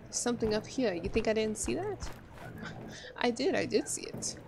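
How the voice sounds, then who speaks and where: A woman's voice: fairly high pitch, expressive, moderate pace, gravelly, noisy background. A woman playing a game and reacting aloud with crude jokes as she goes. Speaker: gamer. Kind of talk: let's play commentary.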